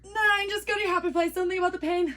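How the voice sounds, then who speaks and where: A woman with a high voice coaches a workout while doing it herself. She counts reps aloud between panting breaths and keeps things upbeat with little jokes. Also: fairly even intonation, fast talker, pushed and bright. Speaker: fitness coach. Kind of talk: workout instruction while exercising.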